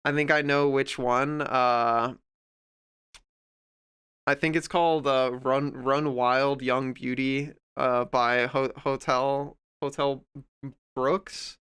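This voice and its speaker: Guy streaming and chatting, rambly w lots of uhs, dry close mic, kinda bright. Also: mid-range voice, level tone, slow, clear, resonant tone, no room sound. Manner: rambling and heartfelt, with many fillers and restarts. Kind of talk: casual livestream chat while drawing.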